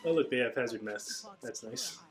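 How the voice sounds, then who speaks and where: A man co-hosting a casual commentary on a cartoon, talking haltingly with many restarts. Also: medium pitch, soft background music.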